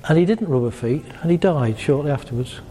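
A man's voice: a little high, a little fast, slight background noise. A man giving a jokey, conversational motivational talk to a live audience, acting out voices as he goes. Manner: animated, conversational, jokey, acts out quoted voices. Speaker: motivational speaker. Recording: long hall reverb.

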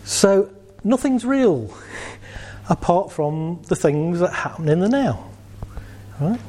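A middle-aged man speaks casually to a live audience, his voice mellow and a little higher than most men's. He is chatty and jokey, often laughing at his own anecdotes. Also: very animated, slow. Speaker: speaker giving a talk on assertiveness.

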